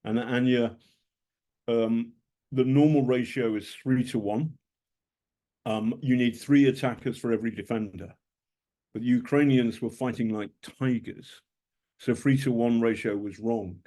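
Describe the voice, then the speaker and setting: A man's voice: medium pitch, steady tone, a little slow, mellow. A British man speaking as a guest journalist to students over a video call, telling stories emphatically with dry humor and frequent ums. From Britain.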